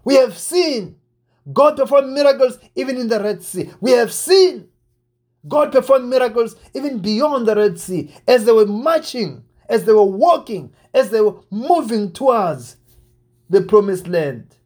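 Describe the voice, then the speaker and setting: A man with a high voice delivers an exhorting sermon. He drives his points home through repetition, swinging between emphatic lines and softer, lower ones. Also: expressive, a little slow. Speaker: preacher.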